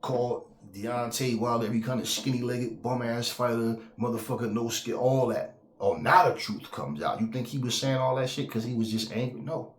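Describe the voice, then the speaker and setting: A man's voice: medium pitch, normal speed. Profane man ranting in an echoey room. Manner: profane, emphatic, repeats himself, slips into mocking quoted voices. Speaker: boxing commentary channel host. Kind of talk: heated casual rant.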